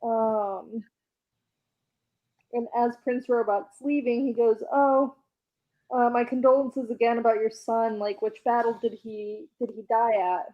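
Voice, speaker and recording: A woman with a fairly high voice, chatting casually as a podcast co-host and recapping a comic issue. She keeps slipping into quick acted quotes of the characters and laughs between them. The audio is slightly muffled and lo-fi. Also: steady tone. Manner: retells scenes by quoting characters in quick voices, laughs often. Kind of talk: casual chat.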